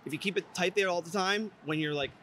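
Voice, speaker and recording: A man who is a music teacher, chatting casually and gently coaching someone through singing exercises on location. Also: high voice, fast talker, slight background noise. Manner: gentle coaching, soft-spoken instructions. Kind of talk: casual interview. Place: outdoors on location.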